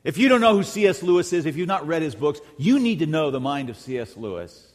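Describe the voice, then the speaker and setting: Emphatic preacher in a reverberant church. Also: male voice, a little high, sing-song, fast talker. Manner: emphatic preaching that swings between loud peaks and quiet drops. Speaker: pastor. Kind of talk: sermon. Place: large church sanctuary. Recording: long hall reverb in a large church.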